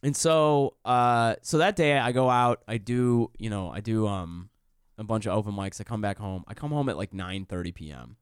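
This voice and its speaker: A man, a comedian guest on a podcast, telling a story in an animated, profane, rambling way full of "like". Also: lowish voice, moderate pace, clear, resonant tone, no echo, studio quality. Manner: animated and profane, frequent "like" fillers. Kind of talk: casual storytelling.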